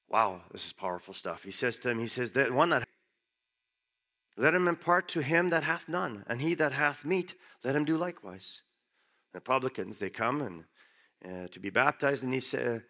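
A man giving a sermon who reads Bible verses aloud and then explains them in plain, everyday words, rising sharply in pitch to stress key points. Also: bright, forceful tone. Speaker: preacher. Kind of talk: sermon reading and explaining scripture.

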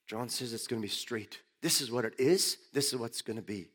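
A man's voice: medium pitch, very animated, brisk, few pauses. Man preaching a scripture sermon. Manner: reads verses aloud then explains them in plain words, with sharp rises for emphasis. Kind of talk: sermon reading and explaining scripture.

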